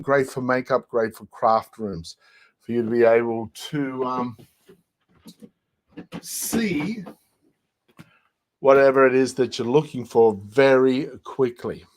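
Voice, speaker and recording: A man's voice: medium pitch, a little mellow, a little hiss or hum, low-quality recording. A man hosting a live shopping show, walking through each product's features step by step. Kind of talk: product demonstration.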